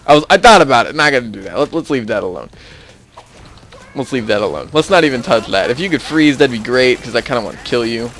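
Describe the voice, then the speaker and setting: A young gaming YouTuber chats over his gameplay in a fast, animated, slightly bright mid-range voice. He rambles, chuckles often, and easily loses his train of thought.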